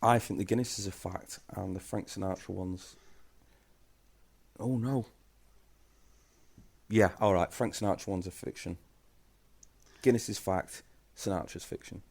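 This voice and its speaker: A man co-hosting a casual podcast, his voice sitting a little on the low side. He talks in a playful, jokey way and often slips into a showman's announcer tone. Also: a little slow, vocal fry, pauses often, darkish tone, husky. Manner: playful, jokey, hums jingles. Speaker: podcast co-host.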